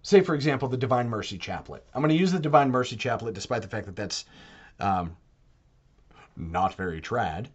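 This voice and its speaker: Animated man, husky voice, lo-fi sound. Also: medium pitch, brisk. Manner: animated, mock voices in quotes. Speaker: Catholic podcaster. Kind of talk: casual monologue.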